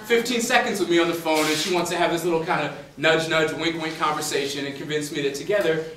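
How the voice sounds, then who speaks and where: Man, Boston-suburbs origin, casual guest lecturer to a class, slightly high voice, distant mic in a roomy classroom. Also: fast, slight background noise. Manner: animated, conversational, many fillers. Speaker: author speaking to a class. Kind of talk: humorous storytelling lecture. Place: university classroom. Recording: echoey room, distant mic, faint ambience.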